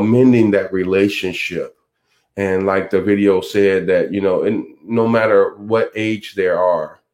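A man with a very low voice speaks slowly and unhurriedly. He is a podcast host sharing faith-based reflections. He talks in a folksy, preacherly way, full of ums and restarts. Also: darkish tone. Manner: slow, folksy, preacherly with many fillers.

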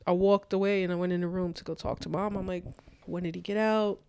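A young adult woman telling a personal story in a casual talk, animated and full of "like", acting out both sides of the dialogue. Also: on the low side, fast talker, vocal fry, a little hiss or hum.

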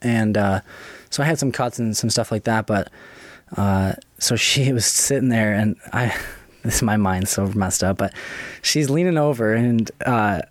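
A young man casually telling his own story, profane and chatty, with quick asides. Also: fairly low pitch, dry recording.

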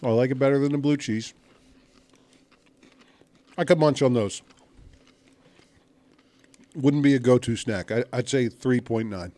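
A man's voice: mid-range voice, measured pace, long pauses, warm tone, no room sound. Man co-host, casual snack-review chat, teasing and jokey. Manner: joking, teasing questions. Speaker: podcast co-host.

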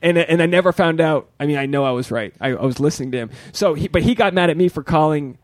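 Animated man in his thirties, dry studio. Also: fast talker, dry recording. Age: 30s. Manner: animated storyteller, swings pitch when quoting people. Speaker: podcast co-host. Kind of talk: casual podcast chat. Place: podcast studio.

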